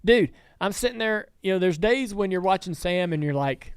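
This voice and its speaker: A man's voice: high voice, lively intonation, normal speed, few pauses, smooth, dry recording. A man hosting a casual studio talk show, telling rambling stories with many restarts. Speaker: podcast host and team owner. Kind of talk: casual chat.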